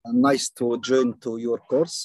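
A man whose first language is Arabic, a student asking questions in halting English with many fillers on a video call. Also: medium pitch, slightly rough, dry recording.

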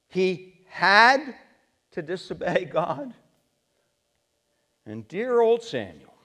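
A male pastor preaching a sermon in a church, animated and acting out the quotes he reads. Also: sits high. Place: church sanctuary. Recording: long reverb of a church sanctuary.

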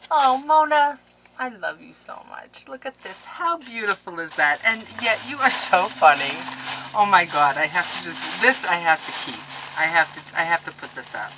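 A middle-aged woman, opening mail on camera in a casual vlog, gushing and excitable. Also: on the low side, a little hiss or hum, rough recording. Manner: gushing, excitable, laughs and gasps often. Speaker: crafting vlogger.

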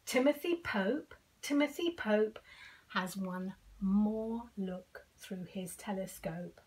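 A woman's voice: medium pitch, slow pace, a little mellow. An older woman at home reading a picture book aloud to children, sing-song with dramatic whispers. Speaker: storyteller.

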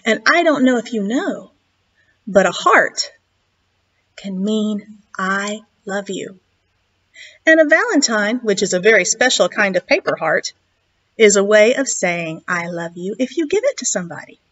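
Expressive, sing-song woman reading a children's story. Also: medium pitch, moderate pace. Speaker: children's librarian. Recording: dull lo-fi online video recording.

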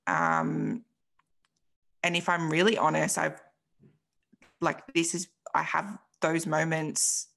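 A young woman speaks in a low, gravelly voice. She tells her personal story candidly and emotionally as a podcast guest, swearing freely and filling gaps with "like". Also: expressive, slow pace, long pauses, fairly bright tone. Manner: emotional, frank, swears freely, says "like" often.

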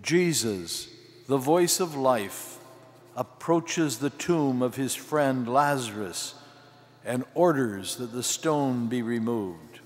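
An older archbishop preaches a homily very slowly, breaking his lines into short, deliberate phrases. His middle-pitched voice has lively intonation and rings with the long reverb of a large cathedral.

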